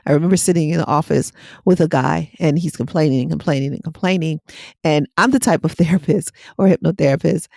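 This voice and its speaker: Blunt gravelly woman hypnotherapist. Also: sits low, quick pace, mellow, no echo, clean studio sound. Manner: blunt and direct. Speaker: hypnotherapist and podcast host. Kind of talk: casual motivational monologue.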